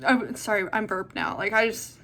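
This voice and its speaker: A woman's voice: medium pitch, huge pitch swings, a little fast, creaky, bright, forceful tone. A young woman answering viewer questions in a chatty, rambling way with lots of fillers. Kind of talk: casual chat.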